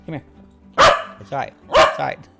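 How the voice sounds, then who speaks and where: A man's voice: brisk, loud music behind the voice. A man hosting a casual live-stream chat from his home, rambling along and reading out viewer comments and greetings.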